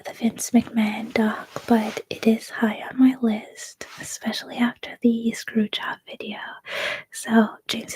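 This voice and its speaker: Canadian woman, 30s, whispering asmr stream chat, really breathy, kinda high and flat. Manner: soft-spoken, rambling, chatty.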